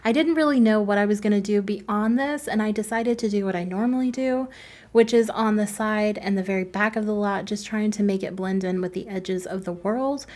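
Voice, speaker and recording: A woman's voice: medium pitch, brisk, darkish tone. Chatty, giggly woman narrating a build. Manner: chatty, self-deprecating, laughs often. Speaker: game build video creator. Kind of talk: casual voice-over commentary.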